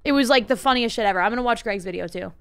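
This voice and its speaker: A woman from Canada hosting a game stream, chatting loudly with friends, joking and swearing freely. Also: a little high, rapid-fire, smooth. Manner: loud, brash, swearing and joking. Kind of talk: casual chat with friends.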